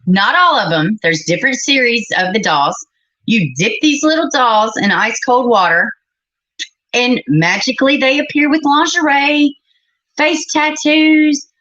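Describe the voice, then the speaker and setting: A woman's voice: medium pitch, fairly bright tone. A middle-aged woman, hosting a livestream and chatting bluntly and with exasperation with her live chat. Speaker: livestream host. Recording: slightly muffled recording.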